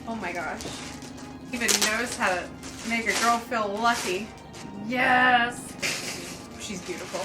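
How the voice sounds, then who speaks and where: A woman chatting casually to camera in a vlog, gushing and excitable, with quick bursts of delight. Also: a little high. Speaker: lifestyle vlogger. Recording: echoey room with background music.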